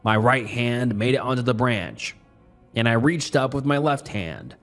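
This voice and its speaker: A man reading a scripted first-person horror story in a measured, even storytelling delivery. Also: mid-range voice, soft background music.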